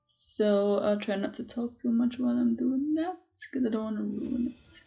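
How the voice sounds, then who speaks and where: A Jamaican woman, originally from Jamaica, chatting casually to her viewers as a beauty vlogger, telling stories in an animated, emphatic way and saying "like" often. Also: fairly high pitch, normal speed, gravelly, soft background music.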